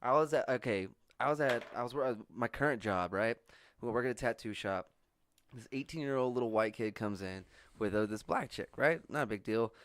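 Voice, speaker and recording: A man's voice: mid-range voice, a little fast, fairly bright tone. A man, hosting a casual podcast and telling rambling, profane stories. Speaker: podcast host. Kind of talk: casual storytelling chat.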